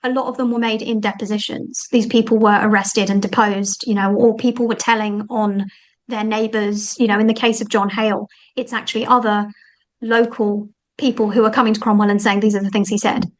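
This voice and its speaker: A woman talking as the guest author in an interview, animated and thinking aloud with frequent fillers. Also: medium pitch, brisk, low-quality recording. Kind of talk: conversational interview.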